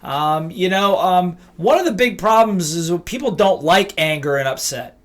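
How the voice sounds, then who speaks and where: A middle-aged man teaches in a high-pitched voice. He is emphatic and keeps repeating his key phrases. He acts out both sides of short dialogues to make his points. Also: animated, moderate pace, a bit bright. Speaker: business speaker and trainer. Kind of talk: motivational teaching talk.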